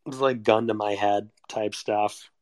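A man's voice: lowish voice, fairly even intonation, a little slow, no echo, studio quality. A young man in a casual confessional monologue, rambling and self-deprecating, with frequent swearing. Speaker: vlogger.

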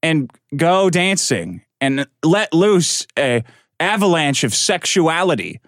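A man in his forties hosts a casual podcast chat, sardonic and swearing often as he tells animated stories. His voice is a little high and slow-paced, recorded at studio quality with no room sound.

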